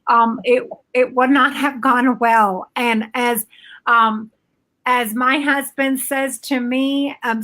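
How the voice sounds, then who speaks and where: A middle-aged woman talking as a guest in a casual live-stream chat, halting and often restarting her sentences. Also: fairly high pitch, fairly even intonation, pushed and bright.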